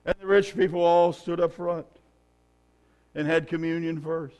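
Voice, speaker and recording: Folksy, joking preacher. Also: male voice, fairly high pitch, fairly even intonation, unhurried. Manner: humorous, folksy storytelling with loud emphatic peaks. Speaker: pastor. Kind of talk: sermon.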